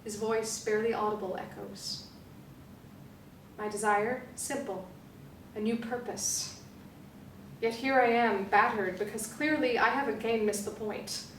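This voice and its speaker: Woman reading slowly in an echoey room. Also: fairly high pitch, steady tone. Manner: slow, deliberate phrasing with pauses. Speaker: performer reading a novel excerpt. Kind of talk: dramatic literary reading. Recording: echoey room, distant mic, faint hum.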